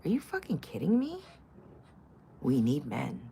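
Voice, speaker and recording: A woman's voice: low voice, huge pitch swings, unhurried, creaky, dark tone, a little hiss or hum. A middle-aged woman vlogging in casual chat, blunt, profane and opinionated.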